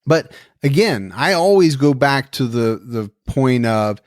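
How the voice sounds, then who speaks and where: A man's voice: mid-range voice, animated, measured pace, darkish tone, dry recording, studio quality. A man co-hosting a podcast, chatting in an easygoing way. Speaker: podcast co-host. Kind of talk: casual chat.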